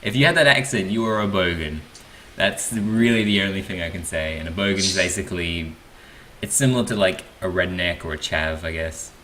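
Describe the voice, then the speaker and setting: Bright Australian man, low voice. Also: brisk, slight background noise. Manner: laid-back, trailing off quietly. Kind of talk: casual chat.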